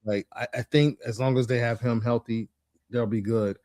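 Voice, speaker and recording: A man co-hosts a casual sports talk show, giving his opinions in halting bursts full of restarts. His voice sits at a middle pitch. The sound is close and dry. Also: steady tone, a little mellow, dry recording. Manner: halting, many restarts and "you know"s. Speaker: podcast co-host.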